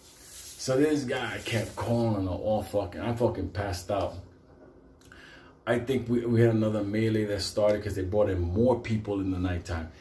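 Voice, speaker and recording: A man telling a comic story in a profane, animated way, swinging between loud bursts and quiet asides. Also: lowish voice, moderate pace, slight background noise. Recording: echoey room.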